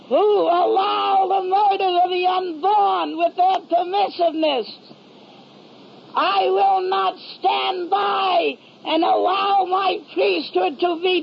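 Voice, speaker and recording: A woman speaking as an angry, grieving male divine voice during a religious vision, making slow, raised declarations. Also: extremely high pitch, gravelly, highs cut off, a little hiss or hum, heavily acted. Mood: wrathful. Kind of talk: spoken religious vision message.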